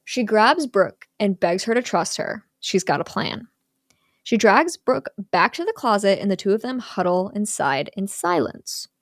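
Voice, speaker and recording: A young woman tells a horror movie's plot to her co-host with lively, chatty energy, dropping into little voices for the characters. Her voice sits at an ordinary middle pitch. The recording is dry and close, with no room sound around her. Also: a little slow, no room sound. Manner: animated storyteller, lots of "like", acts out quotes. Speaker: podcast co-host recapping a film. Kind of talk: casual chat recapping a horror movie.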